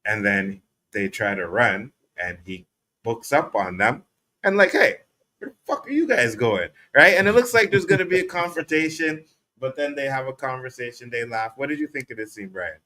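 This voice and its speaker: Male co-host, bright tone, lively casual recap, slips into quoted lines. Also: medium pitch, moderate pace, a little hiss or hum. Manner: animated, laughing, acts out character quotes. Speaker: podcast co-host.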